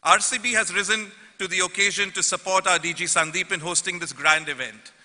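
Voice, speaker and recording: A man giving a formal prepared welcome speech at a conference, measured and addressing the audience. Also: sits high, steady tone, bright, forceful tone. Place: large convention hall. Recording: long reverb from a large hall.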